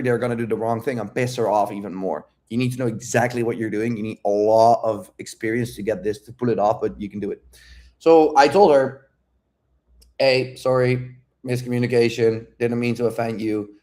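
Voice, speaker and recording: A man in the middle of the usual pitch range, telling a story to his audience. He speaks bluntly and casually, swears freely and takes his time, with the relaxed tone of a dating coach. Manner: blunt, profane, unhurried.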